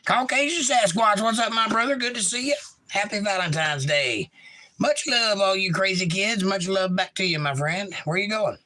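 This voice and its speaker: A man's voice: high-pitched, moderate pace, pushed and bright. A man hosting a casual livestream, greeting chatters by name and reading their comments aloud. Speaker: livestream host. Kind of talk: casual chat reading out live chat, with singing to guitar.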